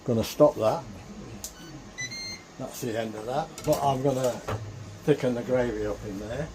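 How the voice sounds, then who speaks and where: A man's voice: medium pitch, moderate pace. A man cooking at home who chats to his viewers and mutters to himself as he works in his kitchen. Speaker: home cook vlogger. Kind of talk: casual cooking commentary. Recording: noisy background ambience.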